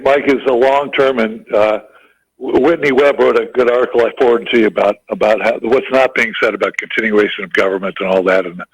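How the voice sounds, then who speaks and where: A man's voice: medium pitch, a bit bright, breathy edge, no room sound, rough recording. A man calling in to a talk radio show, speaking casually with frequent stumbling restarts. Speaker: caller. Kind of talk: casual call-in chat.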